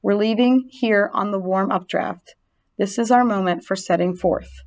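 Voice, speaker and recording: A woman's voice: medium pitch, a little slow, darkish tone, slight background noise, lightly acted, rough recording. A woman voicing a tiny, adventurous young spider in a storybook reading, with a lilting, sing-song manner. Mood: proud.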